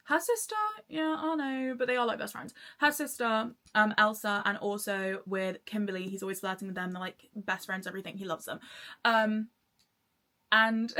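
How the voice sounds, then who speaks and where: A young woman chatting about books she read, excitable and rambling, full of fillers and laughter. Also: on the high side. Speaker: book vlogger. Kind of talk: casual book review chat.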